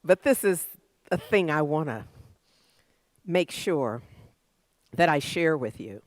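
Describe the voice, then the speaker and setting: A woman's voice: low-pitched, lively intonation, slow pace, dry recording. A woman minister giving a sermon, conversational at first and building to emphatic preaching.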